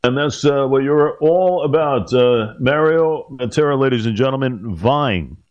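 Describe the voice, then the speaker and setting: Halting talk-radio host, dry studio sound. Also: male voice, medium pitch, animated, dry recording, lo-fi sound. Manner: halting, many "uh" fillers, then heated.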